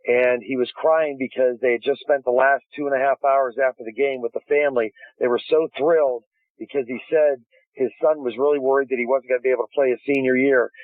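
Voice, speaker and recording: A man's voice: medium pitch, dry recording, phone-quality sound. A man speaks by phone as an interview guest, eager and chatty, restarting sentences as he goes. His voice sits in an ordinary middle range. The line is dry and thin, like a telephone. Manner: enthusiastic storytelling with many restarts. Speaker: guest inventor. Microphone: phone call.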